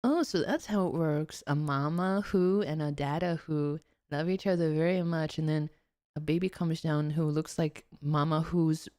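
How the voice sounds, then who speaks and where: A woman's voice: sits low, moderate pace, dark tone, dry recording, clean studio sound. A woman streamer giving casual watchalong commentary, giggling often and rambling with fillers and restarts. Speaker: VTuber streamer.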